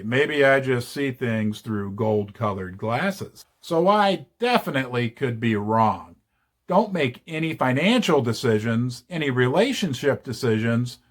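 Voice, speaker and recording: A man hosting his own channel, giving casual investing commentary with chatty, joking asides. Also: medium pitch. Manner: chatty and animated, jokey asides. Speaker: channel host.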